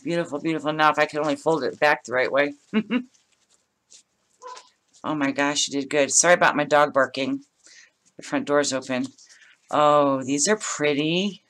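Her voice sits low with fairly even intonation and a fairly bright tone, at normal speed but with long pauses. A middle-aged craft vlogger, she chats casually while opening craft mail at home, gushing and laughing often.

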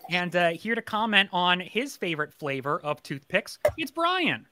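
A man's voice: sits high, a little hiss or hum. A man hosting an online movie show in a jokey, playful way, telling stories and bantering with guests. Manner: jokey, animated storyteller. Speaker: host.

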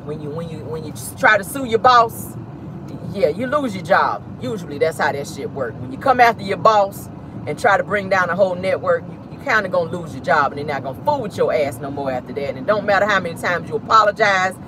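Sassy high-voiced man gossiping in a car. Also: animated, fairly quick. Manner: sassy and dramatic, calls listeners honey and baby. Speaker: host. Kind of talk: casual celebrity gossip commentary. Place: inside a car. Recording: car noise behind the voice.

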